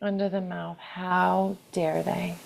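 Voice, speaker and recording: A woman leading a guided EFT tapping session, calling out tapping points in a slow, gentle, repetitive way. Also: on the low side, flat delivery, creaky, slight background noise.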